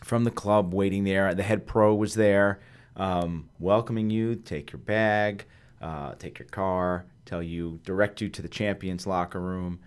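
A man's voice: low voice, steady tone, measured pace, clean tone. A man hosting a casual chat, animatedly telling a story and acting out the quotes. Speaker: host.

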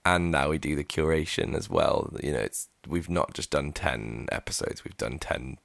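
A man's voice: very deep voice, moderate pace, vocal fry, fairly bright tone, no echo, studio quality. A man co-hosting a podcast in casual chat, laughing often and restarting his sentences. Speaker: podcast co-host.

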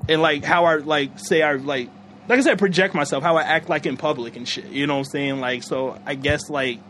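Fast-talking young man, rambling. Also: a little high, a bit bright, a little hiss or hum. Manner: rambling, heavy fillers, laughs often. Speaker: podcast host. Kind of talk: casual chat.

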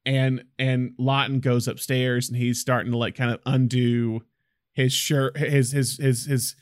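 A man's voice: mid-range voice, flat delivery, a little slow, clear, resonant tone, no room sound, studio quality. Enthusiastic man in casual film chat. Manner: enthusiastic, acts out film quotes.

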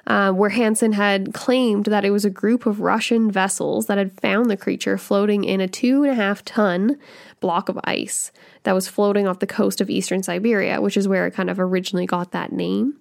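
A woman with a Canadian accent co-hosting a casual podcast, chatty and quick to laugh, reading from her notes. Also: medium pitch, steady tone, creaky. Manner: chatty, laughs often, reads notes aloud. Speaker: podcast co-host.

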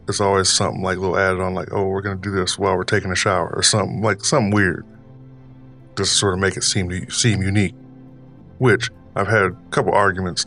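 A man's voice: low-pitched, bright, forceful tone. A man podcast host putting on an older man's voice with a Southern drawl, rambling casually through a story with lots of fillers. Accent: put-on Southern US drawl. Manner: deliberately puts on an older man's voice; rambling, filler-heavy, unhurried delivery.

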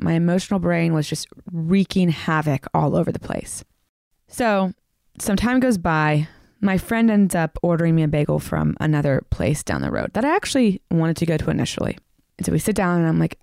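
A woman's voice: deep voice, lively intonation, a little fast, creaky, a little mellow, no echo, studio quality. A woman telling a personal story in a candid, self-mocking way on a podcast.

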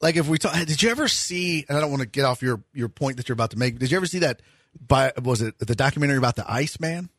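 A man's voice: medium pitch, no echo. A man co-hosting a sports radio show, riffing and joking in casual banter. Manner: joking, excitable, quick riffs.

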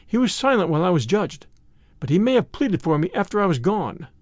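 A man's voice: sits high, very animated, a little fast, dry recording, clean studio sound. A man voicing a frightened yet brave young noblewoman, pleading and emotional in an audiobook reading.

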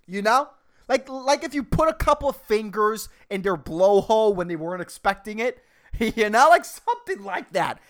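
Brief: woman podcast host, sarcastic profane ranter, lively swooping pitch, mid-range voice. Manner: talks fast by her own account. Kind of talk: solo podcast rant.

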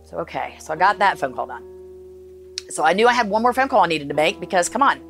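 A woman recounting a traumatic family event, halting and emotional, acting out the voices of others as she speaks. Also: on the low side, very animated, a bit bright, soft background music, poor audio. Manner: halting, emotional, acts out dialogue. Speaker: interviewee recounting a family tragedy. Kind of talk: personal account in interview.

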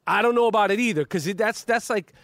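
Podcast host, man with a high voice, animated and profane, talking outdoors in a backyard. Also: fast talker, dry recording. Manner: rambling, profane, stammering restarts, animated. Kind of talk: casual podcast chat. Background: dog barking.

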